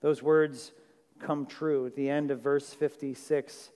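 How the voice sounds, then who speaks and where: A man's voice: medium pitch, flat delivery, slow pace, a little mellow, clear, resonant tone. A male pastor preaching a sermon in a chatty, conversational way, checking in with his listeners. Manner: conversational, asks the audience questions. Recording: long hall reverb.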